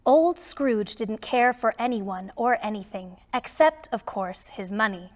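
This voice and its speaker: A woman reading a children's storybook aloud, slow and expressive with emphatic lines. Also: mid-range voice. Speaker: storybook reader.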